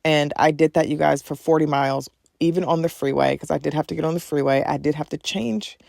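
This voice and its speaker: A young woman with a low, gravelly voice tells a personal story on her podcast in a chatty way, talking straight to her listeners. The sound is dry and close, with no room around it. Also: fairly even intonation, fairly quick, darkish tone, dry recording. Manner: chatty, addresses listeners as "you guys", gets emotional. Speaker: podcast host.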